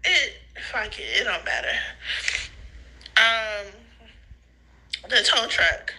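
A young woman recording rambling phone voice notes, giggly, profane and slangy, high and tearful, often breaking into laughing squeals. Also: big pitch swings, extremely slow, bright, forceful tone, poor audio. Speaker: podcaster sending voice notes. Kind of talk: rambling voice-note monologue. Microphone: phone voice memo.

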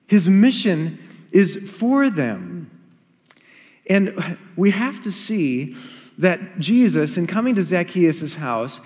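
Emphatic preacher in a reverberant hall. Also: male voice, on the high side, darkish tone. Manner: emphatic, rhetorical questions and acted-out asides. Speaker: pastor. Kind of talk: sermon.

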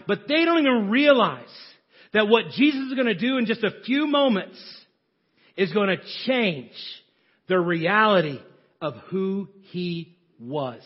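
A man preaching a sermon, swinging from shouting to hushed near-whispers. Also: high-pitched, lively intonation, unhurried, dull audio.

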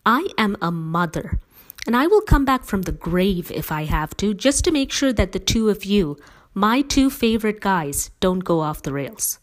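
A woman reads as a devoted, strong-willed middle-aged mother, firm and persuasive with a gently teasing edge. Her voice sits on the low side and her delivery stays emphatic and warm. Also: lively intonation, moderate pace, natural voice.

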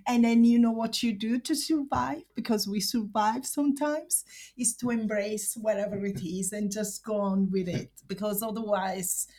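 Emotional woman, halting and near tears. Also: a little high, steady tone, darkish tone. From Italy. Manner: halting, laughs through emotion, repeats herself. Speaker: interviewee. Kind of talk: emotional personal interview.

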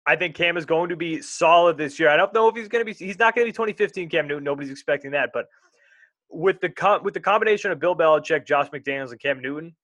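A young man co-hosting a casual sports podcast, rambling and animated, often interrupting himself. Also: on the high side, fast, dry recording, dull audio.

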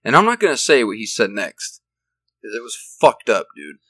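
A man's voice: lowish voice, huge pitch swings, normal speed, bright, forceful tone, no echo, rough recording. A young man telling rambling, profane stories in casual chat.

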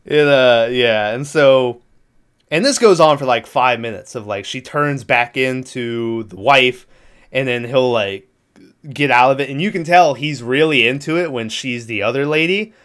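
A man's voice: mid-range voice, normal speed, fairly bright tone, clean tone. A man casually recapping a movie plot in a rambling, profane way, laughing now and then. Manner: rambling, profane, laughs through his retelling.

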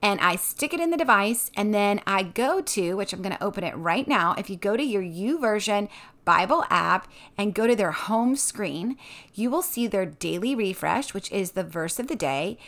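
A woman talking casually about her family's morning devotional routine in a bright, expressive way, laughing now and then. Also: medium pitch, moderate pace. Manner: upbeat and expressive, laughs often. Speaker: mom sharing a devotional routine. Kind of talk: casual tips talk.

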